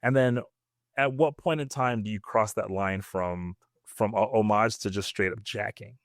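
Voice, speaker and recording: Dude cohosting a podcast, keeps asking questions, pretty animated, dry mic no room. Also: male voice, fairly low pitch, normal speed, dry recording. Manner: questioning, animated, loose filler-heavy talk. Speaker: podcast co-host. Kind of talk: casual chat.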